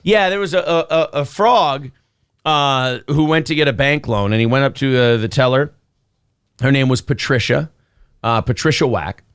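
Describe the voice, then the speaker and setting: A man in his forties hosting a casual morning show, telling a long deadpan joke full of fillers and reading out chat comments. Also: medium pitch, moderate pace, clear, resonant tone, dry recording, clean studio sound.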